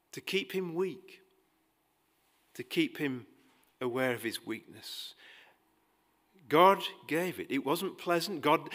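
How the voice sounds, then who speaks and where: A man preaching a sermon, emphatic, rising to loud pleading passages and dropping quiet again. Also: a little high. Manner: acts out quoted dialogue with dry humor.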